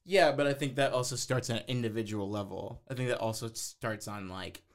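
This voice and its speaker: A man's voice: medium pitch, a little fast. A man talking casually on a podcast who uses many fillers and often checks whether he has been understood. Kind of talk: casual discussion.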